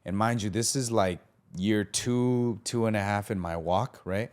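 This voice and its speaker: A young man hosting a podcast recounts a personal story in a casual, slangy style packed with fillers, animatedly acting out other people's lines. His voice is fairly low and unhurried.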